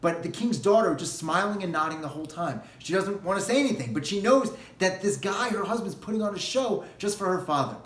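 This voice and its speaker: A high-voiced male rabbi preaching a holiday sermon, telling a parable with animated storytelling energy. His voice rings in an echoey room. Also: a little fast, hardly any pauses.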